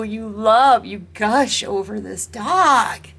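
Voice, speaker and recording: A woman's voice: medium pitch, very slow, vocal fry, a bit bright, a little hiss or hum. A woman giving a casual tarot reading, chatting and giggling as she talks straight to her viewers. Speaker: tarot reader.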